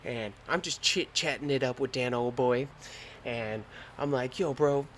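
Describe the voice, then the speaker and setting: A young man hosting a podcast, telling a story in a lively, slangy and profane way. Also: medium pitch, unhurried, a little hiss or hum. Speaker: podcast host. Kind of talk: casual storytelling.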